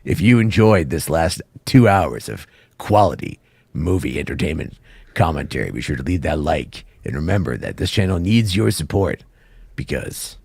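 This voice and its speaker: Man, very low voice, gravelly fry, hoarse from sickness, crude joking banter, dry sound. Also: animated, moderate pace, a little mellow, dry recording. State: sick, hoarse. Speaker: co-host. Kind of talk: casual banter.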